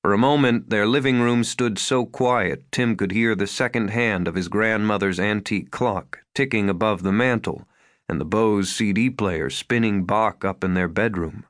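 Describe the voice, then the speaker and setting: A man narrating a thriller audiobook in an expressive storytelling style. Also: lowish voice, normal speed. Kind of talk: scripted narration.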